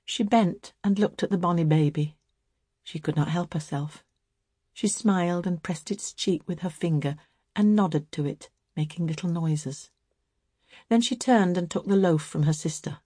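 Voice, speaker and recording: Husky woman reading classic fiction. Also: sits low, no room sound, clean studio sound. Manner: measured, expressive reading. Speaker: audiobook narrator.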